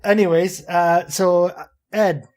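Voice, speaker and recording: A man's voice: high-pitched, fairly even intonation, slow, darkish tone, soft background music. Blunt, joking male podcast host. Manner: blunt, profane, teasing. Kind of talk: casual podcast chat.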